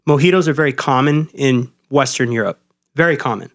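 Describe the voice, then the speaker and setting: A man's voice: mid-range voice, a little fast. A man co-hosting a podcast, a bartender ranting casually and profanely about what customers order.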